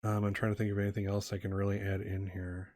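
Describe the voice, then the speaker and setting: A man's voice: fairly low pitch, level tone, fast, a little mellow, no echo, studio quality. A man narrating a tabletop game as game master, rambling with many fillers and restarts.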